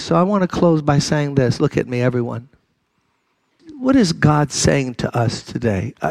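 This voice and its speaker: A man's voice: mid-range voice, dry recording. An older man preaching a sermon, building to impassioned, emphatic exhortation and then easing back to direct, conversational appeals. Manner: impassioned, rising to loud exhortation.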